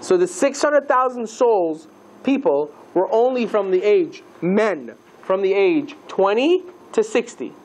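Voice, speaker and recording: A man teaching a class as a rabbi, lively and playful, asking the listeners questions and mixing Hebrew terms into his lesson. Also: sits high, unhurried, rough recording.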